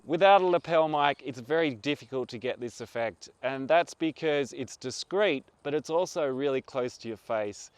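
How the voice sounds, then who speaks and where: A man's voice: medium pitch, normal speed, few pauses, a little hiss or hum. A man explaining filmmaking to camera in an upbeat, conversational teaching style, recorded on a lapel mic. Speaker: filmmaking tutor. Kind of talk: instructional video talk to camera.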